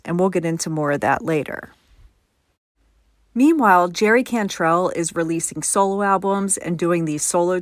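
A woman's voice: fairly low pitch, dry recording, studio quality. A woman hosting a podcast, telling a story in a conversational way and adding her own opinions. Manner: conversational, gives personal opinions. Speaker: podcast host. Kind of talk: scripted podcast narration.

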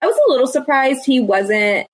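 A woman's voice: high-pitched, normal speed, rough recording. A woman co-hosting a podcast in casual chat, enthusiastic and rambling. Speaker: podcast co-host.

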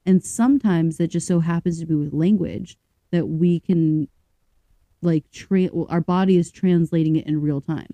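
A woman co-hosting a podcast, chatting casually, reading stories aloud and thinking out loud with fillers and restarts. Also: lowish voice, normal speed, no echo. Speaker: podcast co-host.

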